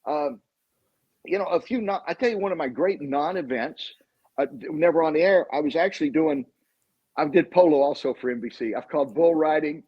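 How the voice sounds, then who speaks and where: A sportscaster being interviewed, telling rambling anecdotes full of fillers. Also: male voice, on the high side, a little fast, husky. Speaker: sportscaster guest. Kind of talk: casual interview storytelling. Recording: dull lo-fi recording.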